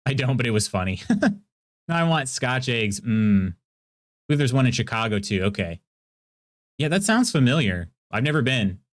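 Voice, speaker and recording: A man with a Midwestern American accent holds a relaxed, rambling conversation with his chat between stretches of gameplay. He talks at an easy, middling pitch, laughs often, and answers each viewer's message as it comes in. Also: moderate pace, pauses often. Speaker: streamer. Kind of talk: casual chat with viewers while gaming.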